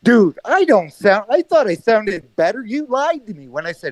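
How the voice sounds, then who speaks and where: Male caller, casual profane rant, high voice, dry close sound, phone or headset mic. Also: sing-song, moderate pace, no echo. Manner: heavily profane, rambling. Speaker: call-in caller. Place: small room at home. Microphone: phone or headset mic at home.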